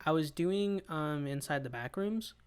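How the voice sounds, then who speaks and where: A young man co-hosting a casual podcast, telling animated, rambling stories. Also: fairly high pitch, measured pace, clear, resonant tone. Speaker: podcast co-host. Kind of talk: casual chat.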